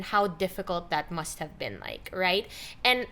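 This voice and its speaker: A woman with a Filipino accent hosting a podcast interview, lively and mixing English with Tagalog. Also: on the low side, measured pace, few pauses. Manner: animated, switching between English and Tagalog. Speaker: podcast host. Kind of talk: conversational interview.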